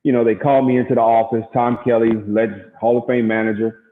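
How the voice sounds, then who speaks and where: Middle-aged guy from gary, indiana, telling ballgame stories, animated, acts out quotes, tinny echoey mic. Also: medium pitch, fast talker. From Gary, Indiana, USA. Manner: animated storyteller acting out quotes. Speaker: guest, former baseball pitcher. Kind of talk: casual storytelling interview. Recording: echoey, tinny phone-like sound.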